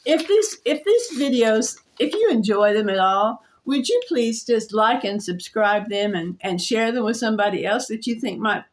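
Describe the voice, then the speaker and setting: A woman vlogger telling a personal story in a halting way, with restarts and soft laughs. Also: a little high, expressive.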